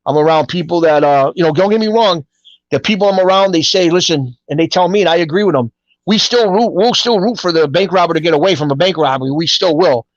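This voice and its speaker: A middle-aged man, a guest telling stories in a casual interview, rambling and animated with street-style grammar. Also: fairly high pitch, quick pace, dry recording. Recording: dull, dry lo-fi audio.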